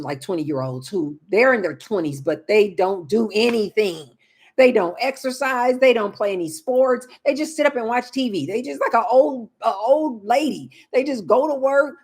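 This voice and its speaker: With a somewhat high voice carrying a breathy edge, a woman vlogs casually to camera about lifestyle topics. She is chatty and emphatic, often turning to talk directly to her viewers.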